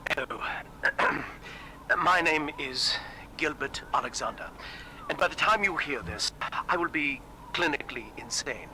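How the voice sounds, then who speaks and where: An actor playing a troubled male scientist recording an audio diary, grave and measured, dropping to a hush at times. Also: on the high side, animated, a little hiss or hum, full character voice, poor audio.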